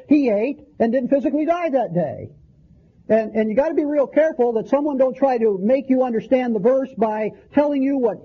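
A man's voice: sits high, slightly rough, muffled recording. A man preaching a conversational Bible-teaching sermon, often restarting phrases as he works through verses.

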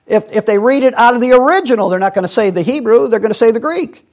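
A man's voice: very high-pitched, fast talker. A man leading a Bible study, rambling and digressive, with many restarts and fillers. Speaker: Bible teacher.

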